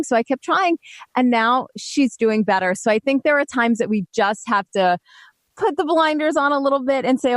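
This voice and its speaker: A woman's voice: fairly high pitch, expressive, moderate pace, dry recording, studio quality. A woman hosting a parenting talk show, chatting earnestly and reassuringly about her daughter. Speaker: radio show host.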